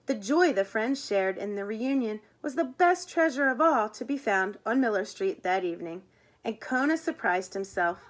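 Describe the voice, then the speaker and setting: A woman reading a children's chapter book aloud in an expressive way. She gives the characters their own voices. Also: a little high, normal speed. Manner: expressive, voices the characters, chats about the pictures.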